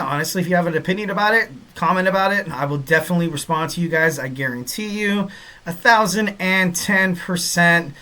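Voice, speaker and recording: A man's voice: on the high side, pushed and bright. A male podcast host talks casually from his home setup, drifting from point to point and padding his lines with filler. His tone stays upbeat and playful, with frequent self-deprecating jokes. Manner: rambling, heavy on "you know" fillers. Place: home in Southern California.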